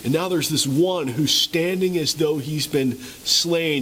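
A man's voice: fairly high pitch, moderate pace, fairly bright tone, a little hiss or hum, poor audio. A man preaching a sermon, retelling a scene dramatically with repeated rhetorical questions. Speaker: pastor.

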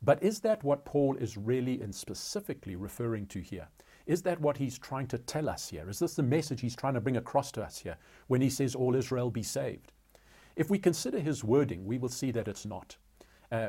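A man's voice: medium pitch, warm tone, breathy edge. A man teaching a Bible study in a methodical way, posing rhetorical questions and guiding listeners through each word of the text. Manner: methodical, asks rhetorical questions, tells listeners to underline words.

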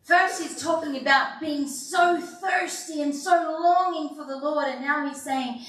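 A woman pastor delivering an animated sermon, acting out quotes with sighs and laughs. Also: high voice, measured pace. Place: church sanctuary. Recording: echoey hall, voice from far off.

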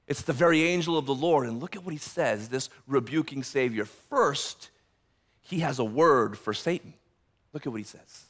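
A man's voice: mid-range voice, moderate pace. A male pastor preaching a sermon, emphatic and passionate, often repeating words as he builds momentum.

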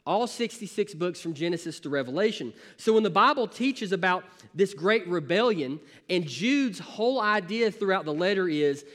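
A man preaching from the pulpit in a fairly high voice. He delivers his sermon with a building, repetitive cadence, pressing each point again and again. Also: expressive, normal speed, fairly bright tone. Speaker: pastor.

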